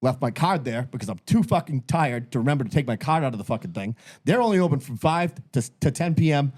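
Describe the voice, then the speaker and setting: A man's voice: medium pitch, lively intonation, fast, darkish tone. A man in his thirties co-hosting a podcast, ranting in a tired, exasperated way and swearing constantly. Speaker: podcast co-host. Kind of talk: casual chat.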